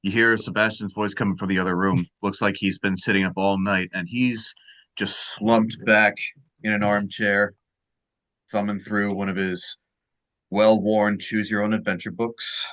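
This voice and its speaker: A man narrating as game master of a tabletop game, calm and descriptive. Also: on the low side, a little slow.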